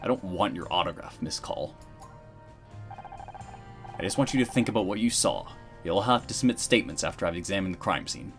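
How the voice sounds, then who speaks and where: A gruff, impatient senior detective who barks orders, as a man reads him from a game. His low voice swings up and down when he scolds. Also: lively intonation, a little fast, long pauses, fairly bright tone, soft background music. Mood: stern. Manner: curt, bossy and commanding.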